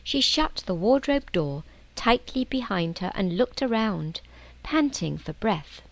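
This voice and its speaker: A woman reads a storybook aloud in an expressive, middle-pitched voice, easing into soft, slow whispers at hushed moments. The sound is close and dry, with no room around it. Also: creaky, no echo, rough recording. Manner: expressive, slowing to soft whispers in tense passages. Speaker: audiobook narrator. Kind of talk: storybook narration.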